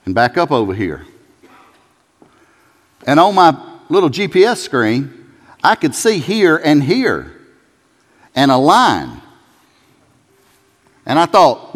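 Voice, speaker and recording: A male pastor preaching a sermon in a folksy, emphatic way, building to loud peaks. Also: medium pitch, very animated, slow pace, pauses often. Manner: folksy, emphatic, rising to shouts. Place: church sanctuary. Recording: church hall reverb.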